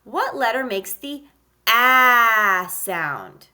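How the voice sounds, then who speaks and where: Slow, bright-voiced woman teaching phonics. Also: a little high, very animated. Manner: slow, encouraging, sounds out letters with exaggerated emphasis. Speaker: kindergarten teacher. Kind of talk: phonics lesson for young children.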